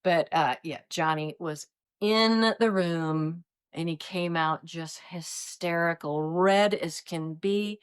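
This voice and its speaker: A woman in her fifties from Iowa, a retired agent telling stories in a relaxed interview and acting out the voices of others. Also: fairly low pitch, takes it slowly, clear, resonant tone. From Iowa, United States. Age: 50s. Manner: animated, acts out quoted voices. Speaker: retired DEA agent, guest. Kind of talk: casual interview storytelling.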